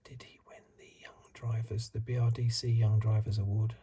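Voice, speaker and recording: Soft-spoken man, very husky. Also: fairly low pitch, level tone, normal speed. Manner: soft-spoken, drifts into whispers, rambling asides. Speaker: ASMR channel host. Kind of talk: soft-spoken ASMR card review.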